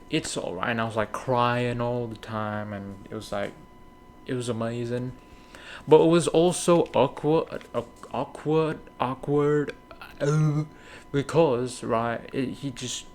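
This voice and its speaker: A man's voice: fairly low pitch, a little hiss or hum. Young man rambling through a candid story. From Indonesia. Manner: rambling and candid, full of "right?" and "mate", with swearing. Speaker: gaming video creator. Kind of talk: casual personal storytelling.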